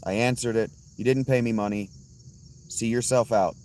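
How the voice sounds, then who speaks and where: A hoarse man hosting a casual livestream, answering chat bluntly and calling out viewers by name. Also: mid-range voice, fairly even intonation, moderate pace, a little mellow, a little hiss or hum. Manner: blunt, swears, addresses chatters by name. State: hoarse, worn-out voice. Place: outdoors at night with insects.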